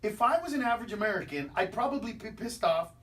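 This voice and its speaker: A man comedian rants through his bits in a brash stand-up manner, jumping up into shouts for the punchlines. His voice sits a little back from the microphone in a radio studio. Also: sits high, big pitch swings, fast talker, distant mic, slight background noise. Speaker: comedian guest. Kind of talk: stand-up style radio chat.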